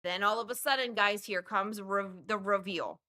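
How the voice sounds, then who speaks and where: Hosting a podcast, a woman casually retells a movie plot in a movie review chat, swearing freely and acting out the characters' voices. She speaks at a moderate pace in a mid-range voice.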